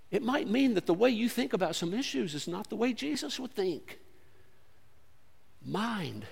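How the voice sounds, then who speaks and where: Male pastor, high and very animated delivery, conversational sermon, long hall reverb. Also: vocal fry. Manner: earnest, conversational preaching with sudden swings from loud to quiet.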